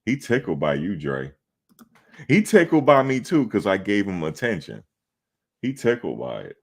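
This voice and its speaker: A man's voice: lowish voice, very animated, moderate pace, slightly rough. A man hosting a sports show, casually chatting and teasing live-chat viewers, mocking and repeating himself for laughs.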